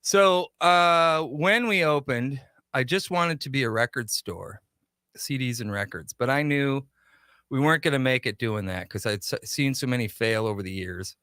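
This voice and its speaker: A man on a radio show telling anecdotes and acting out the back-and-forth of old conversations. His voice is bright and forward. The sound is close and dry, like a studio mic. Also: medium pitch, normal speed, smooth, dry recording. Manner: animated anecdotes with quoted dialogue. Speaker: shop owner guest. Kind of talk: casual radio interview storytelling.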